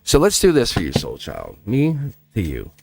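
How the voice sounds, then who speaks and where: A man's voice: medium pitch, moderate pace, over music. A man hosting a live tarot reading stream, telling rambling stories and coaxing viewers in a casual, earnest way. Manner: rambling, animated storytelling with many restarts. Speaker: schoolteacher.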